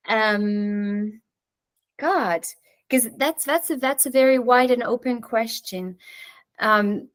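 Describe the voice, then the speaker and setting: A woman's voice: on the high side, drawn-out words, pauses often, a bit bright, poor audio. A French woman with a French accent, a native French speaker, talking casually as a guest teacher over a video call and thinking aloud with frequent restarts. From France.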